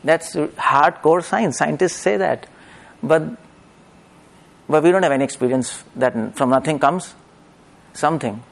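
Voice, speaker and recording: A man delivers a religious discourse like a lecture, turning to his listeners with tag questions. His voice sits slightly high and carries a gravelly rasp. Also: measured pace, pauses often. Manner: rhetorical questions to the audience, with tag questions. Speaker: preacher.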